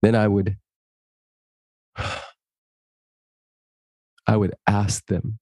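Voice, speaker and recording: A man's voice: on the low side, extremely slow, pauses often, no echo, clean studio sound. A man, a guest in an interview, telling a personal story and acting out the dialogue in it. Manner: animated, acts out dialogue in his stories.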